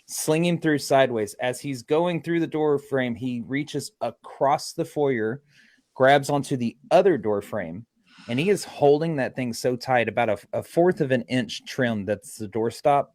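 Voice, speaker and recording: A man, a paranormal investigator, telling an investigation story in a lively way and acting out what people said. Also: mid-range voice, unhurried, no echo, clean studio sound. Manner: lively, acts out quotes. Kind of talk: animated storytelling.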